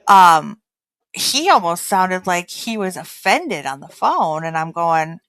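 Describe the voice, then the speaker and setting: A woman chatting casually, telling a story with lively acted-out quotes and frequent laughter. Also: lowish voice, takes it slowly, dry recording. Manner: animated, acts out quotes, laughs often. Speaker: podcast host.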